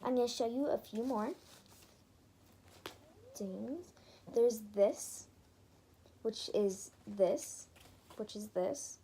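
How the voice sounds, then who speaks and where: A woman's voice: fairly high pitch, extremely slow, pauses often, dark tone, slight background noise. A woman hosting a casual DIY craft tutorial, chatting her way through each step and correcting herself as she goes.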